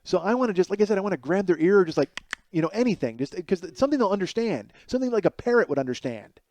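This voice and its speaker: A man in his forties tells a comic story alone on his podcast, animated and cheerfully profane, often laughing at himself. His voice sits a little high but has a mellow, relaxed tone. The sound is close and dry. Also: racing, no room sound. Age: 40s. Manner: animated, profane, self-mocking. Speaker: podcast host. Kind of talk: solo comedic storytelling.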